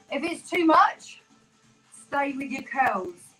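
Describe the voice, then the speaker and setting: A woman's voice: sits high, lively intonation, slow, sharp tone. A woman coaching a home workout class, chatty and encouraging, slightly out of breath as she counts reps alongside her viewers. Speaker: fitness instructor. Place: small room in a terraced house. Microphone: no microphone, camera mic from across the room. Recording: roomy, distant, with workout music. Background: faint workout music.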